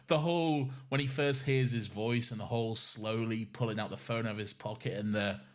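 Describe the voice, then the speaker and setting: A man co-hosting a podcast in casual chat, relaxed and giggly. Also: lowish voice. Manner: relaxed, giggly, drawn-out phrases. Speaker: podcast co-host.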